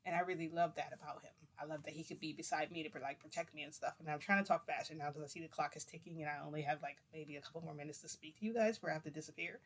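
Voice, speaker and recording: A woman's voice: low-pitched, steady tone, racing, few pauses. A young woman tells her viewers a long personal story. She talks casually and rambles, and her sentences are packed with "like" fillers. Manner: rambling, chatty, full of "like" fillers. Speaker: vlogger.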